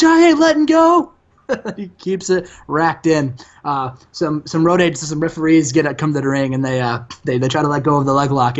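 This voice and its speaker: Man excitedly recapping a wrestling game. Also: on the high side, dull audio. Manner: excited storytelling with laughs. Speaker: host. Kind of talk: casual play-by-play of a wrestling sim game.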